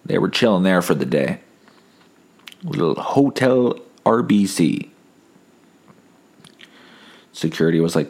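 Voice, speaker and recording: A man's voice: sits low, very animated, unhurried, pauses often, a little mellow, breathy edge. A sick young man hosting a casual solo podcast, telling wry, rambling stories while holding back coughs. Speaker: podcast host.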